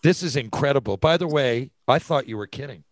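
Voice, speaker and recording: A man from Newfoundland hosting a casual interview, excitable and quick to jump in with asides. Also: medium pitch, dry recording. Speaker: podcast host.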